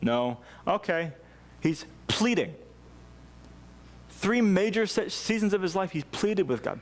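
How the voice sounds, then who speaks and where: A man's voice: high-pitched, big pitch swings, slow, pauses often. A man preaching a sermon in a church as pastor, speaking earnestly and with feeling, often restarting his sentences. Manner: earnest, impassioned, with frequent restarts.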